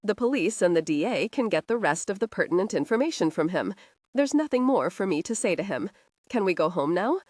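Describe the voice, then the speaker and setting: A woman's voice: mid-range voice, lively intonation, brisk, darkish tone, dry recording, studio quality, close to an everyday voice. A woman reading the part of a young female FBI agent, earnest and strained. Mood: tired.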